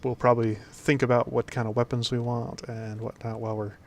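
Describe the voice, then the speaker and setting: A man's voice: medium pitch, flat delivery, brisk. A man hosting a casual gameplay commentary, rambling with lots of fillers. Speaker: gaming video host.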